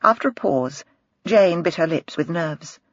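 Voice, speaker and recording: An audiobook narrator reading a crime novel in a measured, even storytelling manner. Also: mid-range voice, no room sound, highs cut off. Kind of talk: scripted narration.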